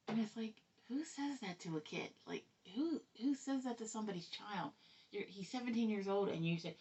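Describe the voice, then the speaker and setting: A middle-aged woman telling her son's story in a rambling, halting way, with many restarts. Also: mid-range voice, animated, darkish tone. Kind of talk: personal storytelling. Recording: distant, dull lo-fi sound.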